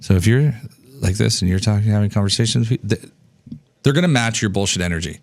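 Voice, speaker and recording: A man in his thirties teaching business coaching in an energetic, casual way, acting out snippets of dialogue and swearing now and then. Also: fast. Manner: animated, acts out dialogue in a higher voice, casual swearing.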